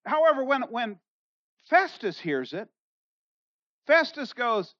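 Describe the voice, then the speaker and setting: A pastor preaching an expository sermon, reading scripture and explaining it in plain, conversational words, and acting out the quoted speakers with big jumps in pitch and loudness. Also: big pitch swings, takes it slowly, pauses often, no room sound. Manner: conversational, paraphrases in everyday words. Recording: dull lo-fi sound.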